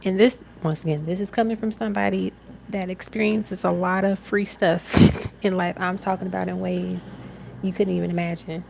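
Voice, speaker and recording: A woman's voice: lowish voice, fairly even intonation, moderate pace, vocal fry, a little mellow, slight background noise, low-quality recording. A young adult woman giving a live tarot reading, talking in a casual, chatty way with lots of fillers and laughs. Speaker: tarot reader.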